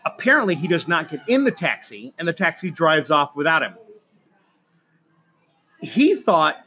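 A man co-hosting a casual chat, telling a funny story with many halting restarts. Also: fairly high pitch, sing-song, bright, forceful tone, slight background noise. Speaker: podcast co-host.

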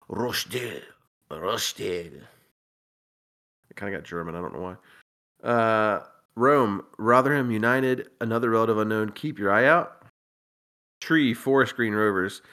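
A man with a somewhat low speaking voice hosts a casual podcast. He reads through a list at an easy pace, with wry, deadpan remarks and the odd chuckle. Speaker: podcast host. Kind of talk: casual podcast chat, reading out a listener's list.

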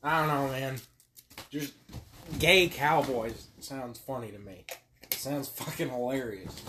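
A young man trading crude, teasing banter on a casual podcast. He swears freely and mocks his friend. His voice sits at an ordinary middle pitch. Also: measured pace, pushed and bright, a little hiss or hum. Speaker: podcast co-host.

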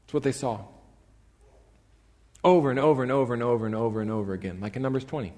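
A man preaching a sermon in a church sanctuary, his voice sitting at an ordinary middle pitch. He tells stories with animated emphasis that rises to strong peaks. His words ring out with a long reverb in the church hall. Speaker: pastor.

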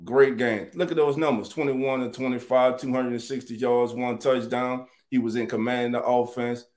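A man hosting a casual live sports chat, animated and greeting viewers by name. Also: medium pitch, normal speed. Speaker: sports talk show host.

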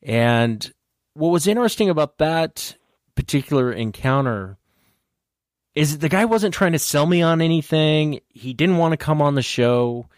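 A man's voice: a little high, normal speed, no room sound. Dry, close-miked male podcast host. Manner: animated retelling of a caller's story. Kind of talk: casual interview chat.

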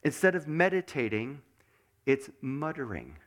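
A man preaching a sermon as pastor, asking the congregation many questions and dropping to a soft mutter to show meditation. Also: mid-range voice, unhurried. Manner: animated, asks the congregation lots of questions; drops to a soft mutter when showing meditation.

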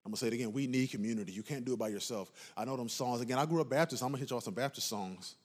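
A man preaching a sermon from the pulpit. His voice has a husky, slightly breathy edge and sits at an ordinary middle pitch. He swings from quiet teaching into loud, emphatic declarations and checks in with the congregation. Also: very fast. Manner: impassioned preaching with call-and-response asides. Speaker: pastor.

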